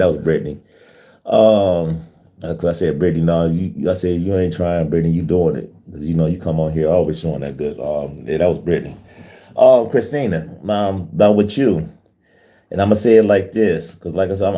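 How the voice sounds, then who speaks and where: Middle-aged male livestream host, casual and encouraging, low mellow voice. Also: gravelly. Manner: reads viewer comments aloud, encouraging, repeats names. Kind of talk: casual faith livestream chat.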